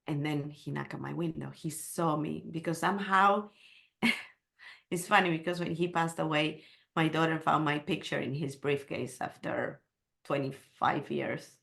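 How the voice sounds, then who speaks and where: Middle-aged woman guest, lowish voice, candid personal storytelling with slight non-native grammar. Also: steady tone, unhurried, creaky, fairly bright tone.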